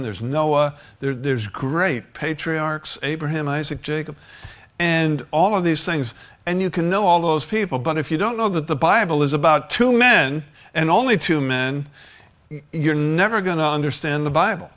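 A man's voice: a little high, moderate pace, a bit bright. A male pastor preaching a sermon in a conversational way, often restarting sentences and chuckling.

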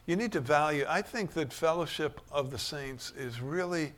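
A man's voice: on the high side, normal speed. Preaching man with a raised voice. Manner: swings between soft musing and loud emphatic bursts. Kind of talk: sermon.

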